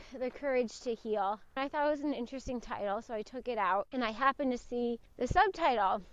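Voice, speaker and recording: A woman with a fairly high voice tells a personal story in a candid, conversational way. The recording sounds slightly muffled, with faint music running underneath. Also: a bit bright. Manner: candid, conversational, with short laughs.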